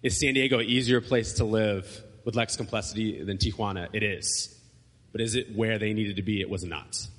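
A man's voice: fairly low pitch, moderate pace, a bit bright. A man preaching a sermon as pastor, talking in a conversational way with frequent fillers and restarts. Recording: long hall reverb.

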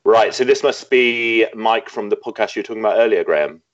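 A man's voice: lowish voice, a little fast, no echo, highs cut off. A man co-hosting a casual podcast, chatting about photos and reading a listener's email aloud with dry, wry asides. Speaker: podcast co-host.

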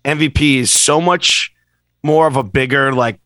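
A man co-hosting a casual podcast, chatty and agreeable, quick to jump in. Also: medium pitch, bright, forceful tone, no room sound. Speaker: podcast co-host and tour guide. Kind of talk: casual chat.

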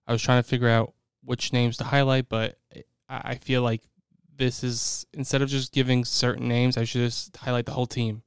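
Smooth-voiced man hosting casual chat. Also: medium pitch, flat delivery, no room sound, studio quality. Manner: chatty and quick, teasing. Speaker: podcast co-host running an awards segment.

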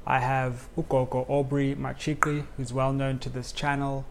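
A man's voice: medium pitch, monotone, normal speed, a little hiss or hum. A man hosting a podcast, giving an upbeat introduction. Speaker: podcast host.

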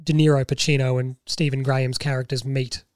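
A man co-hosting a casual podcast chat, telling stories and quoting scenes with lively energy. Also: medium pitch, a little fast, no room sound. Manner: animated storyteller, quotes scenes in put-on voices. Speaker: podcast co-host.

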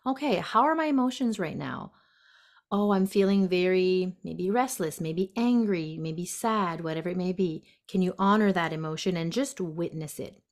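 A woman guest on a podcast, gently explaining step by step how to handle anxiety, acting out the inner voice. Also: fairly low pitch, moderate pace. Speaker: guest, intuitive health practitioner. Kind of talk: casual podcast conversation. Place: sunroom at home.

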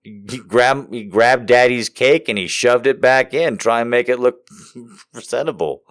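A man's voice: medium pitch, unhurried, a bit bright. A man telling a comic story in a profane, self-mocking way. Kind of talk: comedic storytelling.

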